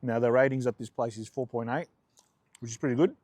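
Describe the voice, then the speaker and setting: Australian man, 40s, mid-range voice, relaxed rambling food vlogger. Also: mid-range voice, brisk, no echo. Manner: chatty, relaxed, rambling anecdotes with restarts. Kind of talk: casual food vlog storytelling.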